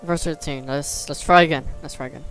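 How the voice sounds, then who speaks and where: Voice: medium pitch, steady tone, brisk, fairly bright tone, soft background music. A livestreamer reading scripture aloud in a casual way, tripping over old words and restarting. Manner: breaks off into joking asides.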